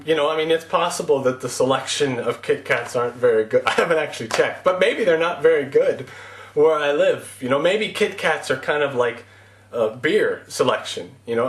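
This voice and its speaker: A man vlogs to camera in a loose, rambling style, mocking himself as he goes. His voice sits a little high. The room around him is echoey. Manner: rambling, self-mocking, with laughs. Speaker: vlogger. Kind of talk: casual comic monologue.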